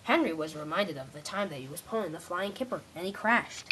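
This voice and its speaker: A woman's voice: fairly low pitch, animated, a little fast, few pauses, very noisy. A woman narrating a homemade toy-train story in a casual way, with slips and restarts.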